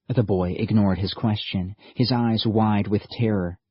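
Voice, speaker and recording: A man narrating an audiobook in a steady, measured storytelling manner. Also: fairly low pitch, husky, no room sound, muffled recording. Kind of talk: scripted narration.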